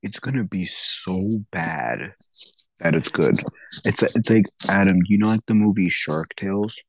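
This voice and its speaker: A man in casual podcast chat, ranting with lots of swearing and animated put-on voices. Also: sits low, unhurried, no room sound, low-quality recording. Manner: profane, animated rants. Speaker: podcast co-host.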